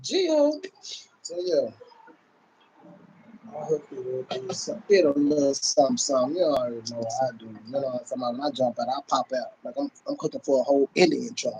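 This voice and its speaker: Man, casual livestream chat, laid-back, average pitch, faint background hiss. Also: fairly quick, dark tone, rough recording. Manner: laid-back, loose talk, calls out to viewers constantly. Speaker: livestream host.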